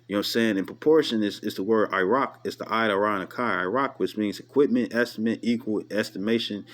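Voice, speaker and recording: A man giving casual scripture commentary, chatty and full of "you know what I'm saying", reading the verses aloud slowly and stumbling now and then. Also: fairly low pitch. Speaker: Bible study teacher.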